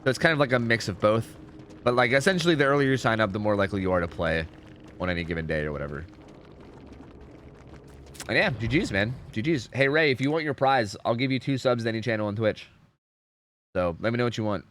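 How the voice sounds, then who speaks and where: A male streamer hosting community matches, talking casually and rambling through rules with plenty of fillers. His pitch moves a lot, lively and expressive, at an ordinary middle register. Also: quick pace, long pauses, slight background noise. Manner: animated, rambling, full of fillers. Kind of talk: casual live-stream chat.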